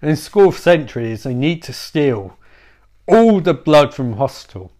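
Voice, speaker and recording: A man rambles through a comic story, swearing freely. His voice sits a touch high, and his pitch swings widely from line to line. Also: moderate pace. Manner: rambling, profane, animated retelling. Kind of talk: comedic storytelling.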